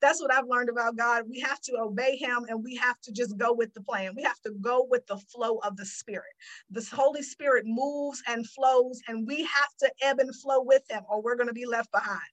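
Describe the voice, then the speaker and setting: A woman's voice: a little high, steady tone, normal speed, a bit bright, rough recording. A woman hosting a podcast, giving an earnest faith teaching that leans on repeated key phrases. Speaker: podcast host.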